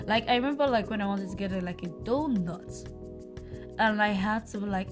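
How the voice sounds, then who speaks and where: A young woman co-hosting a podcast, telling animated stories and acting out conversations. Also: medium pitch, fairly quick, over music. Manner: animated anecdotes, acts out dialogue. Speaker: podcast co-host. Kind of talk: casual chat, storytelling.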